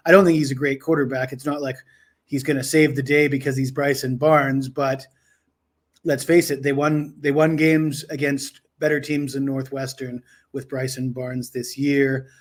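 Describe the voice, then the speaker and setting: Male betting analyst, even monotone delivery, methodical podcast breakdown. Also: mid-range voice, normal speed.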